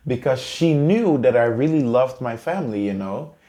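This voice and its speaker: A man's voice: medium pitch, animated, normal speed, warm tone. A man earnestly and emotionally telling a personal story to camera in a vlog. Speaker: vlogger.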